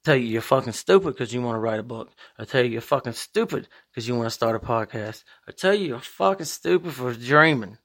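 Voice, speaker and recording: A man hosting a podcast, talking in a profane, rambling monologue with big emphatic swings in pitch. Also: lively intonation, brisk, hardly any pauses, a bit bright. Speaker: podcast host. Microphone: podcast microphone.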